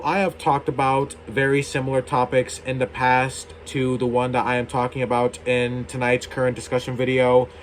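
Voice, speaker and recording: A man's voice: medium pitch, a little hiss or hum. A young adult man hosting his own video channel, ranting in a heated, indignant way and swearing casually. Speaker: YouTuber.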